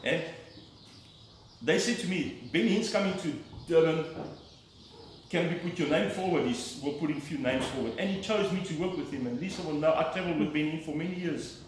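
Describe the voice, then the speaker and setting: A middle-aged man tells his testimony in an earnest, emphatic storytelling way, his voice sitting a little higher than usual. He is picked up from some distance in a strongly echoing church hall, with a faint hiss of room noise underneath. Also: fairly quick. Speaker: lay preacher giving testimony. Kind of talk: personal testimony from the pulpit.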